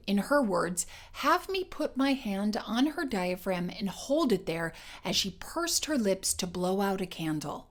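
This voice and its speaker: Measured woman voice coach narrating. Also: medium pitch. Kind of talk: scripted educational narration.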